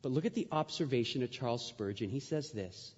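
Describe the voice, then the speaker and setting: A man preaching a sermon in a church, swinging from hushed, drawn-out words to loud, rising passages. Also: mid-range voice, lively intonation, husky. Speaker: pastor. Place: church sanctuary. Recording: dull sound with long hall reverb.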